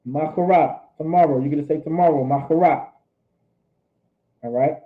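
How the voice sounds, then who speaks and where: A man teaching a language lesson, repeating phrases slowly and explaining them. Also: a little high. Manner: slow, repetitive drilling of phrases. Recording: tinny phone-like audio.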